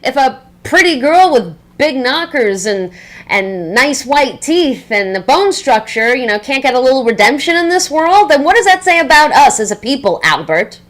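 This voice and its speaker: In this scripted comedy monologue, a young woman's high-pitched, fairly bright voice moves at normal speed and is very animated. Played by an actress, she's a catty former boss on the phone, undermining a past employee with effusive, backhanded compliments in a mock-sweet, sarcastic tone.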